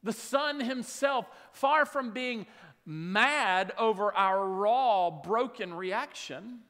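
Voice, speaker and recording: A man preaching a sermon as pastor, emphatic, swinging between loud declarations and hushed lines. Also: sits high, takes it slowly. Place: church sanctuary. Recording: long hall reverb.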